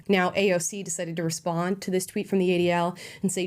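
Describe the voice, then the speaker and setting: A woman's voice: lowish voice, little pitch movement, fast, hardly any pauses. A woman hosting a political commentary show, reacting to news with pointed, sarcastic emphasis.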